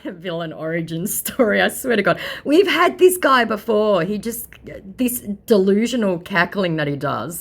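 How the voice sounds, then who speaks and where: A woman's voice: on the low side, animated, normal speed. A woman reading out a chat with a scammer, adding sarcastic, exasperated commentary. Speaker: scambaiter content creator.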